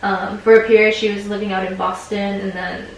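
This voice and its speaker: Recorded in a very echoey room on a distant mic with faint noise, this is a counseling client, a woman in her twenties. Her delivery is flat and slightly quick in a mid-range voice, and she hesitates reflectively, filling pauses often.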